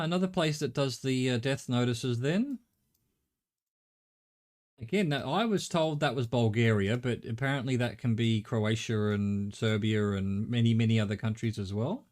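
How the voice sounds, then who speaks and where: A man's voice: mid-range voice, measured pace, darkish tone. Middle-aged Australian man streaming a game. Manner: rambling, thinking aloud, swears casually. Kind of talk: live gameplay commentary.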